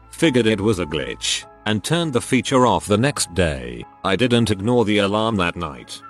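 A man steadily narrating reader-submitted stories in a measured, scripted way, with dry asides. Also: lowish voice.

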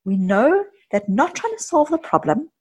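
A woman psychologist, a guest in an interview, talking earnestly and telling personal stories with quick asides. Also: high voice, big pitch swings, darkish tone. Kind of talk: casual interview conversation.

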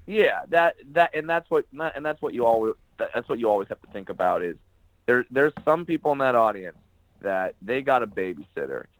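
A man's voice: mid-range voice, big pitch swings, moderate pace, no echo, low-quality recording. A male stand-up comedian on a podcast interview, casually telling blunt, profane stories and acting out the people he quotes.

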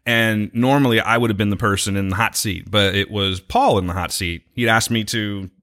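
A man's voice: on the low side, fairly even intonation, normal speed, fairly bright tone. A man co-hosting a podcast, chatting casually in a rambling, jokey way full of tangents. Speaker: podcast co-host.

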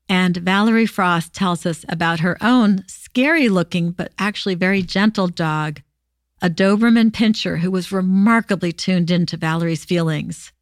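A woman hosting a podcast, reading true stories aloud in a steady, expressive way. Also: on the low side, no room sound, studio quality. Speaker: podcast host.

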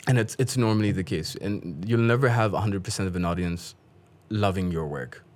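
A man's voice: low voice, a little fast, darkish tone. A man being interviewed as a guest comedian, chatting casually, often laughing as he tells stories.

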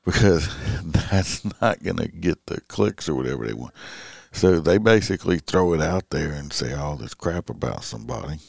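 A man's voice: low-pitched, animated, normal speed, creaky, a little mellow, no room sound, clean studio sound. A middle-aged man, a police officer talking in a casual, rambling late-night monologue full of fillers and restarts.

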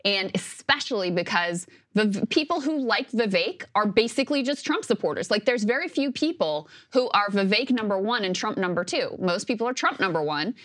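Brief: female political show co-host, analytical and dismissive, mid-pitched. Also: expressive, a little fast, few pauses, fairly bright tone. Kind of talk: political commentary chat.

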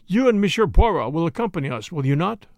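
A man's voice: a little high, big pitch swings, fast, darkish tone, no echo, studio quality. A man voicing a genial chief constable, a colonel with a hearty, breezy manner in an audiobook. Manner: hearty, breezy, officer's bluster.

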